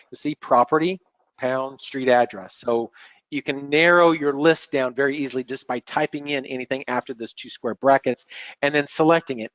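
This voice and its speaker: A man presenting a software demo on a screen-share webinar, explaining step by step in a relaxed way and often repeating words as he clicks. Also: medium pitch, no echo. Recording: dull lo-fi webinar audio.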